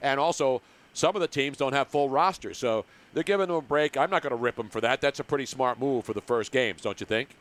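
A man's voice: medium pitch, a little fast, fairly bright tone. An older man hosting a sports radio show, chatting casually with a joking, teasing manner. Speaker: radio host.

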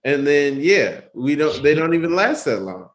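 A man's voice: on the high side, very animated. A man co-hosting a casual podcast chat who talks thoughtfully, often restarting his sentences. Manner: slow, thoughtful, trails into restarts.

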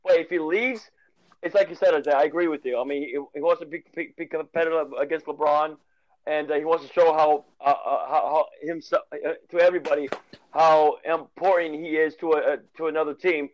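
A man joins a casual sports podcast, talking in a slightly high voice. He speaks haltingly and keeps stumbling over and repeating words before he lands on his point. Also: steady tone, lo-fi sound.

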